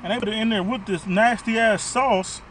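There's slight background noise as this man, his voice sitting high with a fairly bright tone and moderate pace, vlogs a casual food review from his car. He rants about the food in blunt, profane terms.

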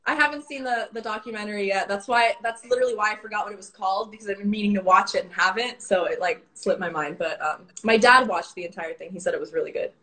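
A young woman hosting a casual interview, chatty and quick to laugh. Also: medium pitch, sharp tone, low-quality recording. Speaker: host.

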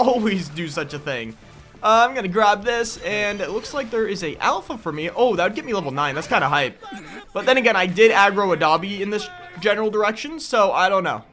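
A young man giving excitable live commentary over his gameplay, yelping and laughing when caught off guard. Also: high-pitched. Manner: excitable, yelps and laughs at sudden danger. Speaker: gaming YouTuber.

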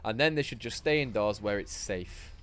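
A man's voice: on the low side, normal speed, a bit bright, a little hiss or hum. A man giving sweary, rambling, self-mocking commentary while streaming a game live. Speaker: gaming streamer.

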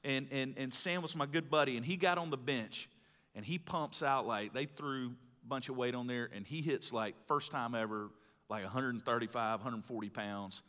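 Bright-voiced preacher in a reverberant hall. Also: male voice, mid-range voice, moderate pace. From Mississippi, US. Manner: folksy storytelling preacher, swings between loud and hushed. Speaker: pastor. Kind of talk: sermon. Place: large church hall. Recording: live hall with long reverb.

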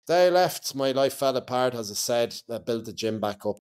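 Man, forties, podcast guest; blunt, profane, laughs through hard memories, middle pitch. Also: expressive, moderate pace, a little mellow, clean tone. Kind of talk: candid conversational storytelling.

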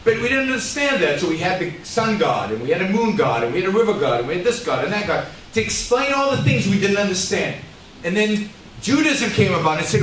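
A man's voice: sits high, very animated, brisk, fairly bright tone. A man giving a public lecture to an audience, talking emphatically, repeating key points and putting questions to the room. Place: event hall in Shanghai. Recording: roomy hall, distant mic, faint noise.

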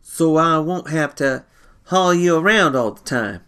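Bossy older brother, voiced by the narrator; demanding, a bit higher. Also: male voice, lively intonation, a little slow, a bit bright, clear, resonant tone. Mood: impatient.

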